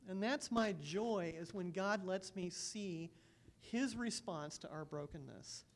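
A woman pastor sharing earnest personal stories in a church sermon, with soft laughs between thoughts. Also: on the low side, takes it slowly.

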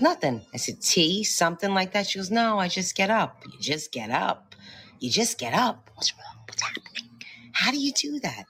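A woman telling a comic story in an animated way, acting out both sides of a conversation. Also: low-pitched, husky.

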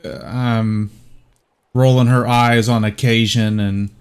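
A man's voice: mid-range voice, level tone, slow, smooth. Hesitant man narrating as game master. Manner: rambling, hesitant with fillers.

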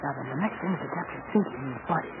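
An actor playing a young adventurer who gives brisk orders in a 1940s radio drama. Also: male voice, on the high side, animated, phone-quality sound, lightly acted. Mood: urgent. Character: young adventurer hero, male, brisk and commanding. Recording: scratchy noisy 1940s radio broadcast.

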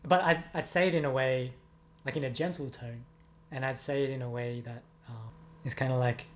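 In a mid-range voice with fairly even intonation and normal speed, a young music teacher reflects earnestly in an interview. He corrects himself and says um frequently.

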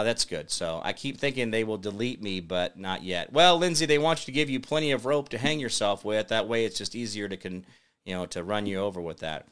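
A man's voice: medium pitch, a bit bright. A man hosting a casual political commentary livestream, rambling and sarcastic as he reads viewer comments aloud. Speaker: talk show host.

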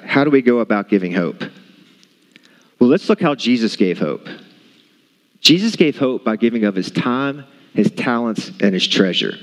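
A man preaching a sermon to a congregation, emphatic and repeating his key points. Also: lowish voice. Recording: long hall reverb.

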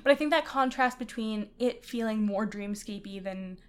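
Woman chatting about a book, thinking out loud, lots of ums and likes. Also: medium pitch, moderate pace, smooth. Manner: thoughtful, many fillers and hedges. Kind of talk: casual book discussion.

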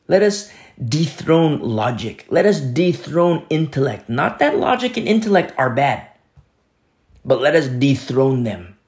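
A man preaching a sermon, acting out quoted speakers with sudden swings between loud, high calls and low, hushed asides. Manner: dramatic, voicing quoted speakers with big swings in pitch and loudness. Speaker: pastor.

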